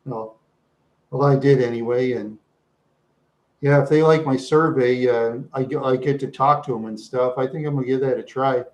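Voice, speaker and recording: Talking loosely to his livestream audience, this host speaks at normal speed in a medium pitch with fairly even intonation. His chat wanders and loops back on itself, peppered with frequent laughs and many a "yeah."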